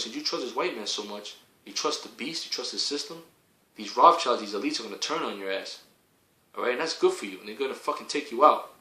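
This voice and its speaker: Fiery ranting man, bright echoey voice. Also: medium pitch. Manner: fiery, profane, repetitive, rising to shouts. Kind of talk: heated preaching rant.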